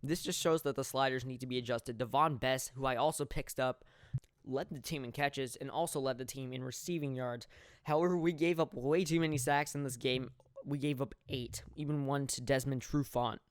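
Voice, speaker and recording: A young man commentating his own football video game in a mock sports play-by-play style, jokey and laughing at his plays, swelling with excitement on big moments. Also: mid-range voice, moderate pace, clear, resonant tone, no echo, clean studio sound. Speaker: gameplay commentator.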